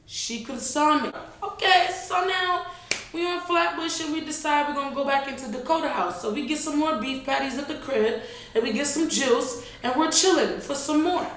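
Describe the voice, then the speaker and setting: A young woman, telling an animated, slangy storytime vlog straight to her viewers. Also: high voice, normal speed. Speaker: vlogger. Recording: very echoey room.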